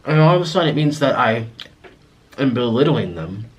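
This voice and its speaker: A young American man talking casually to his viewers at home in a rambling, halting way, full of restarts. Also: medium pitch, big pitch swings. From United States. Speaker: mukbang vlogger. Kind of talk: casual vlog monologue to viewers.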